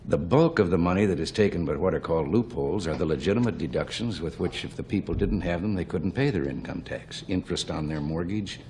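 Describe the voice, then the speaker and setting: A man's voice: low-pitched, lively intonation, fast talker, hardly any pauses, darkish tone, a little hiss or hum. An older man from the American Midwest, a politician guest talking about government on a talk show in a plainspoken, wry, anecdotal way. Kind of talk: folksy talk-show conversation.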